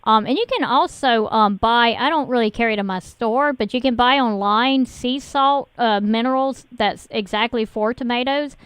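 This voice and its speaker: A woman's voice: on the high side, normal speed, hardly any pauses, a bit bright, smooth, dry recording. Chatty woman radio garden host. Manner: chatty, many ums and uhs. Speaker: radio garden show host and nursery owner. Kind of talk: casual call-in radio chat. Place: radio studio.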